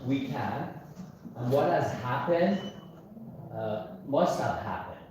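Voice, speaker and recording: A man's voice: mid-range voice, lively intonation, slow pace, noisy background. A man called on at a panel event, answering hesitantly with many fillers. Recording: echoey hall from far off.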